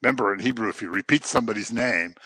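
A man's voice: fairly low pitch, racing, bright, forceful tone, breathy edge, dry recording. A man teaching the Bible in a conversational way, telling the stories and acting out the people he quotes. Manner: informal, with fillers and restarts. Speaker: preacher.

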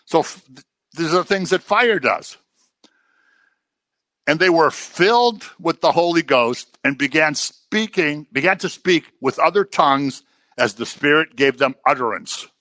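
A man preaching a sermon in a conversational, animated way, sometimes acting out the people he quotes. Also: a little high, measured pace, no echo.

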